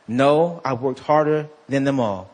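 A male pastor preaching a sermon to a congregation, calling out for responses and swinging between slow scripture reading and excited asides. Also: medium pitch, slightly rough.

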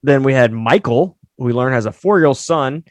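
Man with a mid-pitched voice, loose chat. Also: animated, brisk, no echo. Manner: loose and filler-heavy, often saying "like". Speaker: podcast co-host. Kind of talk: casual chat, recapping a TV show.

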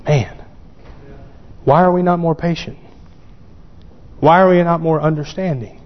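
A man preaching a sermon, fervent and growing excited as he quotes scripture. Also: on the high side, a little slow. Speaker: pastor. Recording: dull lo-fi sound with long hall reverb.

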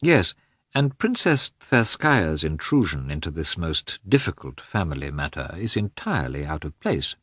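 A man reading the lines of a stiff, formal middle-aged official husband in an audiobook, speaking slowly and with measured care. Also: very deep voice, very animated, a bit bright, slightly rough, dry recording, clean studio sound, heavily acted.

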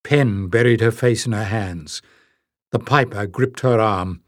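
A man narrating a fantasy audiobook in a steady, even storytelling manner. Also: fairly low pitch, a little slow, no echo, clean studio sound. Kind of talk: scripted narration.

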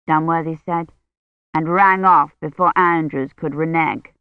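An audiobook narrator reading a novel in a measured, even manner. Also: medium pitch, dry recording. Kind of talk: scripted narration. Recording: dry, dull lo-fi sound.

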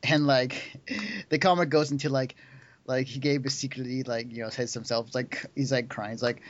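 A young man hosts a relaxed podcast conversation, chatty and loose with plenty of fillers and laughter. His voice sits at an ordinary pitch, and the recording is dull and lo-fi. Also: fairly quick, no room sound. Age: young adult. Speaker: podcast host. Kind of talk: casual chat. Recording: dull lo-fi audio.

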